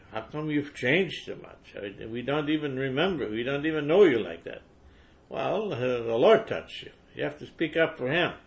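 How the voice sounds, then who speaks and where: A man reading scripture aloud and breaking off into fervent preaching commentary. He repeats words as he goes and builds to forceful emphasis. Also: medium pitch, creaky.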